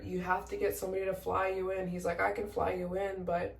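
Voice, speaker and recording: A young woman from the United States chats casually to her camera about her travels, holding back tears as she acts out the people she talked to. Her voice sits at an ordinary middle pitch. It comes across roomy and slightly distant from the mic. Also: fairly quick, vocal fry. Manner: emotional, close to tears, retelling conversations in animated voices. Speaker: travel vlogger.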